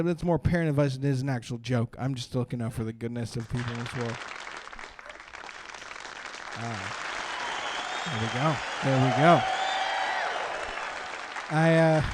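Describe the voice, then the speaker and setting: A man doing a stand-up set, rambling with lots of fillers and breaking into sudden loud bursts. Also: medium pitch, measured pace, pauses often, a crowd in the background, background noise. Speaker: stand-up comedian.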